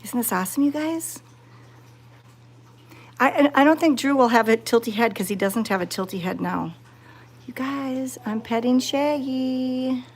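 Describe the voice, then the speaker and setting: A woman chatting to her viewers while petting cats, excited and fond, cooing softly to the animals. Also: high-pitched, measured pace, long pauses, slight background noise. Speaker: cat sanctuary vlogger.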